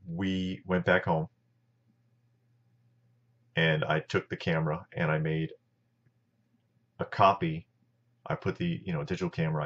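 A man hosting a talk show, plainly recounting events step by step. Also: deep voice. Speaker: show host. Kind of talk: personal storytelling talk. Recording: dull lo-fi sound.

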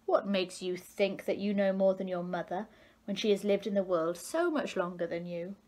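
A woman's voice: medium pitch, moderate pace, darkish tone, natural voice. A woman voicing a nosy, disapproving old neighbour fish in a storybook reading, speaking in a scolding, self-righteous way.

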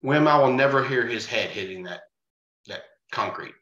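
Bouncer guy telling a bar story, cusses a lot, bright voice, kinda muffled roomy recording. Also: mid-range voice, expressive, moderate pace. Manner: swears freely, acts out quoted voices. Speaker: podcast guest, bar bouncer. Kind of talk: casual storytelling. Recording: roomy, dull-sounding.

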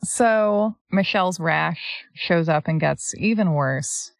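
A woman's voice: on the low side, slow pace, creaky, no echo. A Canadian woman co-hosting a podcast in casual chat, reading passages aloud and making sarcastic asides. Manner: sarcastic, animated, often laughing. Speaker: podcast co-host.

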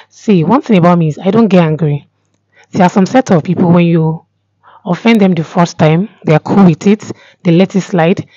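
Young woman chatting to camera, earnest, keeps repeating herself, mellow lowish voice, kinda dull lo-fi sound. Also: no room sound. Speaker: vlogger. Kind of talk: casual talk to camera.

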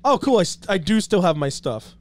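High, swooping gamer guy joking around. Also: sing-song, fairly quick. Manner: joking, crude rhyming banter, giggly. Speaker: gaming channel co-host. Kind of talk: casual let's-play commentary.

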